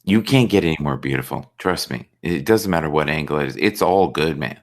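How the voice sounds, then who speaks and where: A man's voice: extremely low pitch, animated, brisk. A man hosting a casual live stream chat, joking and telling offbeat stories, rambling and repeating words as he gets going.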